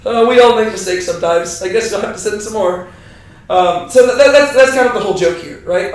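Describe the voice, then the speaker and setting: Playful high-voiced man teaching scripture. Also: brisk. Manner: playful, laughs often, keeps asking "right?". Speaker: Bible study teacher. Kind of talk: joking Bible study teaching. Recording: echoey room from far off.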